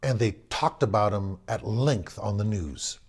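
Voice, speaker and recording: A man's voice: fairly low pitch, unhurried, husky. Wry man telling a personal story. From Los Angeles area. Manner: wry, rambling, with repetitions and restarts.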